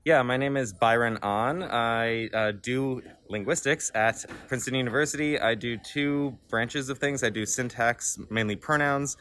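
A man at a conference casually introduces himself and the research he works on. He explains with spoken examples in a relaxed, conversational way. He often pauses on an "uh" or "um" while he searches for words. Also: mid-range voice. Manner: explanatory, with frequent "uh" and "um" fillers. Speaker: linguistics researcher being interviewed. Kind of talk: casual interview answer. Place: conference venue.

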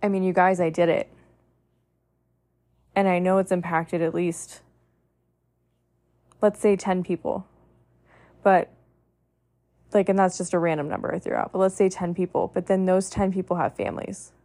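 A female podcast host with a lowish, warm voice speaks at a moderate pace with fairly even intonation and long pauses. She delivers an earnest, heartfelt motivational monologue, stacking long repetitive lists and often saying "like".

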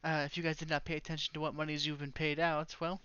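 A man's voice: on the high side, little pitch movement, fast, bright, forceful tone, clean tone, no room sound, lo-fi sound. A man narrating as the game master of a tabletop game, rambling with lots of filler words.

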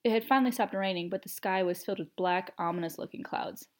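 A woman narrating a first-person story in an expressive, steady reading. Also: medium pitch, quick pace.

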